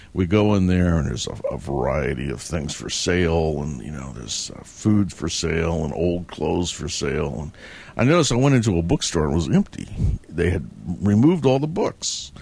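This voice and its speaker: A man's voice: low-pitched, gravelly. A man telling a long, vivid dream in a casual, rambling way, full of fillers and restarts. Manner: chuckles between sentences. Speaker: dream teller. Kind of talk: casual spoken recollection.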